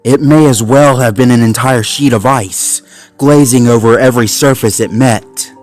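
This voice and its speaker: A man narrating a suspenseful animal story in a measured, scripted way. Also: medium pitch, darkish tone, faint music behind.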